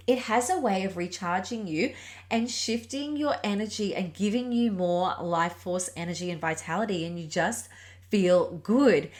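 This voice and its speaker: A middle-aged woman hosting a reflective solo podcast as a Pilates and yoga teacher, speaking in a gentle, earnest and encouraging way. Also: mid-range voice.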